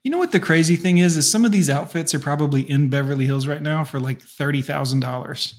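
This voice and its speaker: Male reaction host, mocking and crude, slightly high voice. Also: fast, soft background music. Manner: sarcastic, mocking asides. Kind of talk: casual profane reaction commentary.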